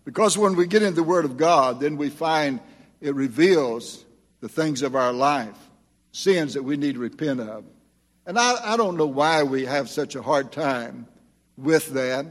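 A man's voice: a little high, fairly bright tone, long reverb tail. An older man preaching a sermon as pastor, earnest and emphatic as he reads scripture.

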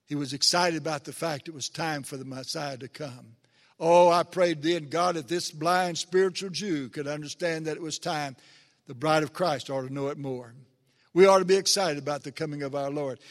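A man's voice: high voice, fairly bright tone. Man preaching in a reverberant hall. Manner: earnest, building to emphatic peaks on scripture. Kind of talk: sermon. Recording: long reverb of a large hall.

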